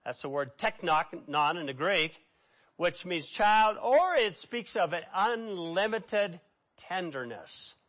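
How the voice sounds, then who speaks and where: A man preaching a sermon with dramatic swings between hushed and loud delivery. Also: high voice, animated, takes it slowly.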